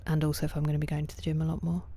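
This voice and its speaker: A woman streaming a game, chatting casually with viewers, greeting them by name and often dropping to a soft near-whisper. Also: sits low, completely flat delivery, very fast, husky. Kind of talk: casual live-stream chat while gaming.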